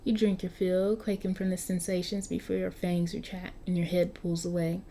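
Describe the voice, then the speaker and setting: A woman's voice: lowish voice, flat delivery, normal speed, vocal fry, warm tone, slight background noise. A woman reading an interactive story aloud, often stumbling and restarting over words, with chatty asides to her viewers. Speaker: story narrator.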